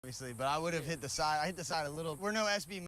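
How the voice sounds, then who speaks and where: A young man vlogging with friends in casual, excitable chat, often shouting and laughing, recorded outdoors and in a vehicle. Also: a little high, very fast. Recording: loud background noise.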